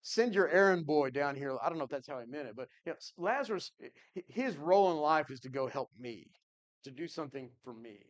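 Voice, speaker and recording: A man's voice: on the high side, animated, quick pace, muffled recording. A man teaching a Bible class in an earnest, conversational way, thinking aloud and answering his class.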